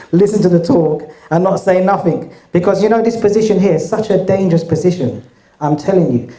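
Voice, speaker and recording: A man's voice: dark tone, reverberant. A man, speaking with a cold, telling a rambling story to an audience and acting out the voices of others. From England. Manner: chatty, rambling, acts out dialogue with raised pitch. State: has a cold. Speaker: guest speaker. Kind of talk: casual storytelling talk to an audience.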